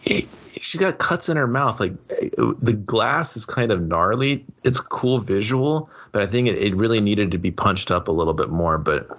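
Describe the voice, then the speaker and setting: A young man co-hosting a movie podcast, rambling and swearing as he acts out scenes in quick voices. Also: on the low side, lively intonation, a bit bright. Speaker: podcast co-host. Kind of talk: casual movie review chat.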